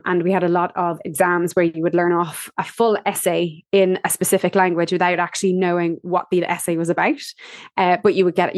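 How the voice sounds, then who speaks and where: A woman's voice: lowish voice, dry recording, clean studio sound. A woman frankly giving her opinions in an interview, with some ums. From Ireland. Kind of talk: casual interview answer.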